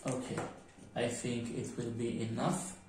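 A man with a French accent walks through a hands-on tutorial, pausing and searching for words as he works. His delivery is unhurried and at a middle pitch. The sound is roomy and distant, as if he stands away from the mic in a bare workshop. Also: level tone, darkish tone, slight background noise. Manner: halting, thinking aloud while working. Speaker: miniature painting tutor. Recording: echoey room, mic at a distance.

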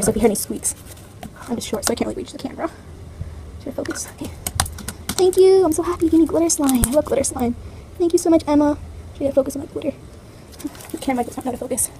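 A woman's voice: high voice, background noise. A teenage girl chatting through a casual, playful unboxing vlog, complaining dramatically. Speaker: vlogger.

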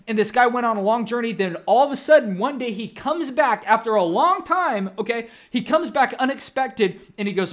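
A man's voice: extremely high pitch, animated, brisk, hardly any pauses, fairly bright tone. A male pastor teaching a sermon, earnest and repetitive, often calling his listeners "you guys".

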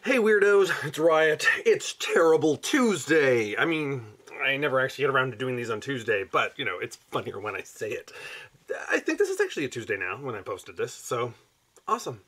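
A man hosting a casual vlog, wry and playful, breaking into loud, high bursts. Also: big pitch swings, fast, breathy edge. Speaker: vlogger host.

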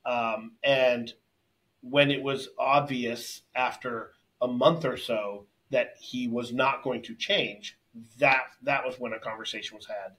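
A man's voice: medium pitch, steady tone, slow pace, fairly bright tone, low-quality recording. A man co-hosting a martial arts podcast, agreeing readily and telling anecdotes from his own classes. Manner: agreeable, tells anecdotes from teaching. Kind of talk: casual podcast conversation.

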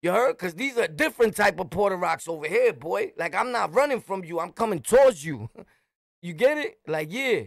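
A middle-aged man from Brooklyn with a New York accent, telling a street story in a swaggering, animated way and shouting his punchlines. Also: sits high, moderate pace, gravelly, dry recording, clean studio sound. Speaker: storyteller, channel host.

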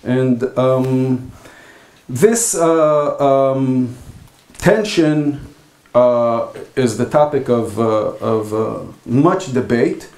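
A man delivers a philosophy lecture at an academic workshop, his voice sitting at an ordinary middle pitch. He talks haltingly and thoughtfully, pausing often as he builds his points. The recording carries the roomy echo of a lecture hall. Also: a little mellow. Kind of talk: academic conference talk.

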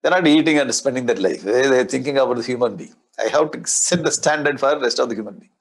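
This swami talks fast in a medium-pitched voice, his Indian English carrying a Tamil influence. He works through Sanskrit verses one line at a time in his spiritual discourse, adding playful mimicry along the way.

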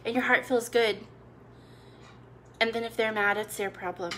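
Upbeat chatty woman, bright voice. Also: a little high, steady tone, moderate pace, a little hiss or hum. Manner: chatty, upbeat, playful asides. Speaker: cooking channel host. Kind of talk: casual live video chat.

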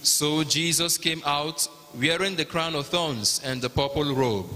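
A man with a Nigerian accent narrating the Passion at a liturgy, in a measured, even reading. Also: on the high side. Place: large cathedral. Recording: long cathedral reverb.

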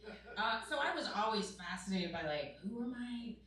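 A middle-aged woman performing stand-up comedy into a handheld microphone on a club stage, animated and laughing as she acts out quotes. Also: medium pitch, normal speed, distant mic. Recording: live club mic, roomy with crowd laughter.

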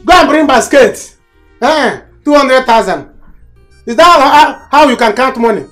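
An actor with a Nigerian accent playing a stingy, boastful older brother who mocks and orders people about. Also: male voice, extremely high pitch, expressive, moderate pace, a bit bright, faint music behind. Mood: mocking. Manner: mocking, boastful, mixes Igbo and Yoruba phrases. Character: boastful, stingy male moneyed big brother. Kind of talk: Nollywood film acting.

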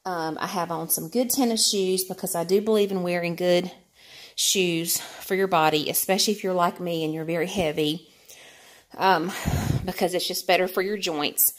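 A woman's voice: fairly low pitch, fairly even intonation, normal speed. A woman chatting candidly to camera on an exercise bike, a little out of breath, with lots of fillers. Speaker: vlogger. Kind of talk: casual talk to camera while cycling.

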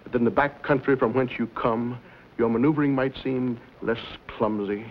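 A man's voice: medium pitch, steady tone, normal speed, a little hiss or hum, lightly acted. Male actor as a suave, mocking gang boss, old TV western, muffled sound. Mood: silky menace. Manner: silky, mocking, theatrical. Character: suave menacing male villain, smooth-talking gang boss. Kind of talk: 1950s TV western acting. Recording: dull lo-fi 1950s TV soundtrack.

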